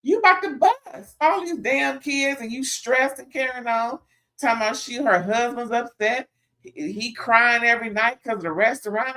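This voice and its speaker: A woman's voice: on the high side, normal speed. Chatty sassy woman vlogger. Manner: chatty and sassy, with loud asides. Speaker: reality TV recap vlogger. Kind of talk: casual gossipy commentary.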